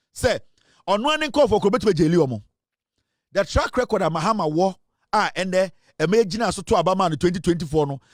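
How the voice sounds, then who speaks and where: Emphatic high-voiced Ghanaian man. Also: no echo, studio quality. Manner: emphatic, forceful, switches between English and Twi. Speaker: political commentator. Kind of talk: passionate news commentary.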